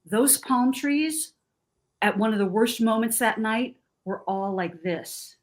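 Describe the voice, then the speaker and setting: A woman's voice: on the high side, lively intonation, slow pace. A middle-aged woman from Southern California on a TV talk panel, telling a personal story with emotion and acting out the voices she quotes. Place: TV studio.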